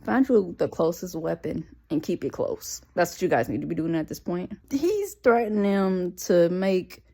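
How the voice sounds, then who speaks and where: A young woman talks through an episode she is watching, full of slang and incredulous side comments. Her pitch swings widely and expressively as she reacts. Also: animated, moderate pace, gravelly, warm tone. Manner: sarcastic, incredulous asides to the viewer; slangy, conversational. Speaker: reviewer recapping an episode. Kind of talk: casual recap commentary.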